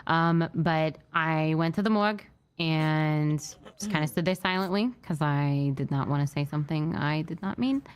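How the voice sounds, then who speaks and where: A woman playing a state trooper in a roleplay, telling what happened in an upset but measured way, with many fillers and restarts. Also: low-pitched, clean tone. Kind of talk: in-character roleplay briefing.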